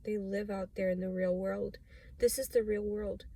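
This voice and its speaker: A woman's voice: medium pitch, little pitch movement, normal speed, creaky, mellow, dry recording. A woman talking straight to camera in a confessional vlog, rambling and agitated, swearing often. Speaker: vlogger.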